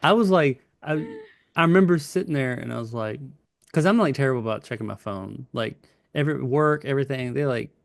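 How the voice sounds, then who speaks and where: A man's voice: mid-range voice, fairly quick, vocal fry, no echo, studio quality. A man co-hosting a podcast, chatting casually and rambling through a story about himself. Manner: rambling, self-deprecating storyteller. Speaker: podcast co-host. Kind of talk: casual chat.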